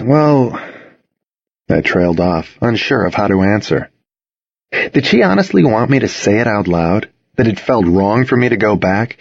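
A man reading a first-person story aloud as an audiobook narrator, with a husky tone and expressive storytelling. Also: fairly low pitch, no room sound. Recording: dull, dry lo-fi reading.

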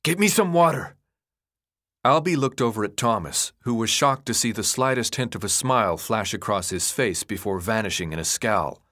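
A man's voice: on the low side, normal speed, few pauses, pushed and bright. A man reading an audiobook chapter as narrator, telling the story expressively. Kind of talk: scripted narration.

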